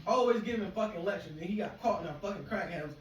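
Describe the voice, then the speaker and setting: A man doing casual stand-up, telling rambling, profane stories to a small crowd. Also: sits high. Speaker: stand-up comedian. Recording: echoey room, far mic, noisy.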